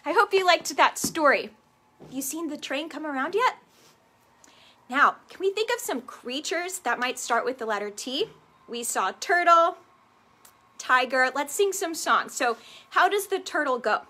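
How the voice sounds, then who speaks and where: Bright, high-voiced children's librarian. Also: female voice, measured pace. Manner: animated, asks children questions. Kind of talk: preschool story time with songs. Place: model railroad museum.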